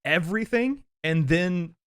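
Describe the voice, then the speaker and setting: A man's voice: sits high, measured pace, smooth, dry recording. Laid-back chatty man, dry sound. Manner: relaxed, chatty, laughs easily. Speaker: podcast host and editor. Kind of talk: casual music review chat.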